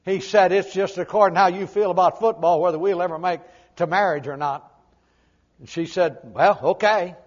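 An older male preacher with a high voice tells homespun stories in a folksy, humorous sermon. He swings between loud, punchy emphasis and quiet, low asides. The recording sounds dull and muffled. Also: moderate pace.

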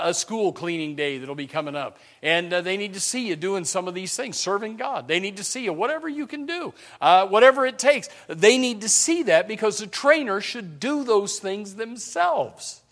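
A man's voice: high-pitched, expressive, normal speed, hardly any pauses, a bit bright. A man preaching a sermon, telling rambling folksy stories with many restarts.

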